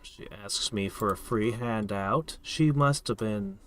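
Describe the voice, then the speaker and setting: A man's voice: fairly low pitch, slow, a bit bright. A man casually thinking aloud as he plays a strategy game, reacting to each turn. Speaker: gameplay streamer. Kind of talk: casual let's-play commentary.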